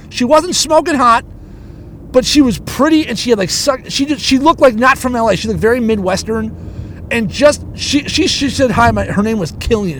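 A man's voice: very high voice, a bit bright. A man ranting and telling a long story in a parked-in-traffic car, swearing constantly and restarting his sentences as he talks into a handheld recorder. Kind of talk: rambling profane storytelling. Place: inside a car stuck in traffic.

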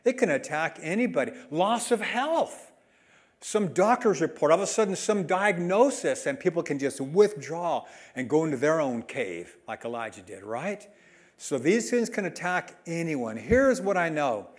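A man preaching a sermon as a pastor, emphatic, swinging between loud and soft delivery. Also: fairly high pitch, animated, moderate pace.

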